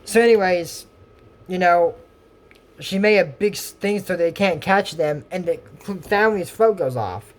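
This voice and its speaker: A man's voice: high-pitched, a little slow. Man rambling through a cartoon recap. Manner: rambling retelling with fillers and restarts, half-acts quotes; chatty asides to viewers. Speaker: YouTube episode recapper. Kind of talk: casual cartoon episode recap.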